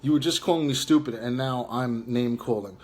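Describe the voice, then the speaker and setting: A man's voice: mid-range voice, fairly quick. A man livestreaming a combative rant, reading chat aloud and taunting viewers, swearing and jeering as he goes. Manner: swears and jeers.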